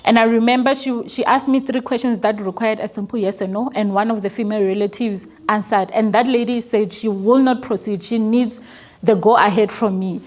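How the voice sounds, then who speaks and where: A woman's voice: on the high side, steady tone, fairly quick, a little mellow. Young woman, interview guest, earnest and emotional storytelling. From South Africa. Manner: earnest, emotional, repeats words when moved.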